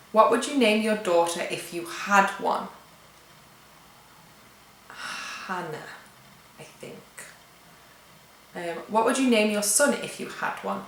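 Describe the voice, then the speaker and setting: A woman's voice: mid-range voice, fairly bright tone, reverberant, slight background noise, poor audio. A young woman from England with a British accent, reading out tag questions and answering them offhand in a casual vlog chat at home. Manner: chatty, reads questions aloud and answers offhand. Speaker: vlogger.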